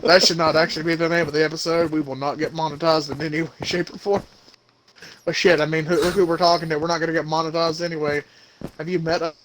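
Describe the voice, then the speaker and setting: Casting: young male podcast co-host, high voice, profane ranter, faint background hiss. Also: quick pace, rough recording. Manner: ranting, profane, animated. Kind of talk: casual chat.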